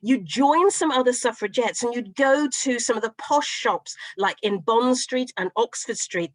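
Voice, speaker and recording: Middle-aged woman lecturer, fairly high voice, brisk storytelling with fillers, dry close sound over a video call. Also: a bit bright, no room sound, poor audio. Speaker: professor giving a history talk. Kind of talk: online lecture.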